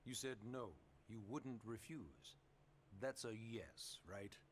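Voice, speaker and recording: A sly, smooth male official. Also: medium pitch, lively intonation, takes it slowly. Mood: coaxing. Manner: polite, coaxing, quietly manipulative.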